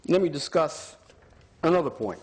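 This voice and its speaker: A man's voice: fairly high pitch, expressive, normal speed. A man giving an argumentative talk, sarcastic and emphatic as he builds his points. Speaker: speaker.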